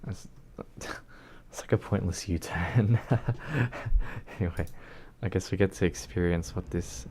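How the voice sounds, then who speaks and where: Man, low and gravelly, unhurried, rambling livestream chat over loud game noise. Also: steady tone. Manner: rambling, lots of ums, reads chat aloud, self-deprecating. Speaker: streamer. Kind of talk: casual livestream chat while gaming.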